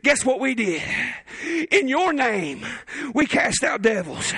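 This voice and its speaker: A man voicing eager young male disciples who boast about what they did, in a lowered, gravelly voice. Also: big pitch swings, slow pace, pushed and bright, no echo, heavily acted. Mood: excited.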